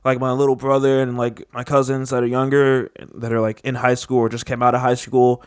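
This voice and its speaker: A man's voice: medium pitch, level tone, fairly quick, clear, resonant tone, no room sound, clean studio sound. A man in casual chat, rambling with lots of filler words and a skeptical tone.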